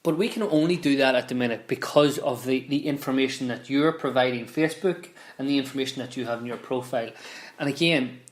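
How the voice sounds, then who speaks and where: A man's voice: medium pitch, a little fast. A man, a business founder, talking casually to camera and explaining marketing, with frequent restarts and repeated words. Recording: roomy echoey room.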